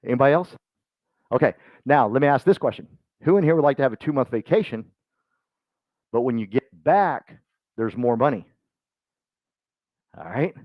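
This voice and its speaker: A man speaking to a live group at a business meeting, joking and acting out quick voices as he goes. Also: mid-range voice, lively intonation, no echo, muffled recording. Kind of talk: motivational talk to a live group.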